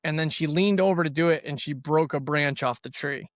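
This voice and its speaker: A man's voice: a little high, a little fast, no echo, clean studio sound. A middle-aged man hosting a faith-based conversation, telling stories in an earnest, reflective way. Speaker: podcast host.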